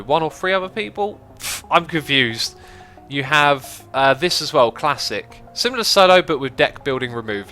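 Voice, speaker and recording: A man hosts a casual gaming livestream, talking easily to his chat and working things out aloud. His voice is bright and forward, with a smooth, clear tone. A faint bed of music sits under his talk. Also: mid-range voice. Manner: chatty, reads chat aloud, thinks out loud. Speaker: livestream host.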